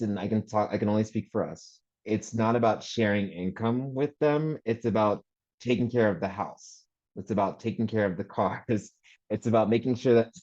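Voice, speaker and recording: Male panel guest, lively storyteller who laughs easily, muffled lo-fi sound. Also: mid-range voice. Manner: animated storyteller, acts out family quotes, laughs often. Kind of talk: casual group chat. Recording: muffled lo-fi audio.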